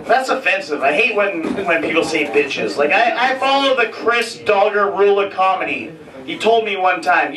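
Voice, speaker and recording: A man's voice: high voice, sing-song, moderate pace. A man in his twenties doing a rambling, self-deprecating stand-up set on a comedy club stage. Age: 20s. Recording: roomy club, distant mic, crowd. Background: audience laughter.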